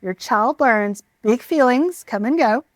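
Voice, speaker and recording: A woman with a slightly high voice gives parenting advice in a calm, measured, reassuring way. She is recorded close to the mic in a dry room. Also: dry recording. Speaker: parenting educator.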